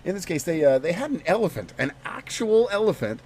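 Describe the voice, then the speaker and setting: A man hosting a casual podcast, telling stories in a lively, jokey way. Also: sits high, a little fast, slight background noise. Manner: lively, jokey, animated storytelling. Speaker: podcast host.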